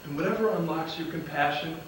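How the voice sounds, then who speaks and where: A man's voice: fairly high pitch, quick pace. A man who is a motivational speaker, telling comic stories to a live audience, acting out the dialogue and laughing at his own jokes. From Illinois. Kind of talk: storytelling speech to a live audience. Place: large auditorium. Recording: roomy hall sound, distant mic, loud room noise.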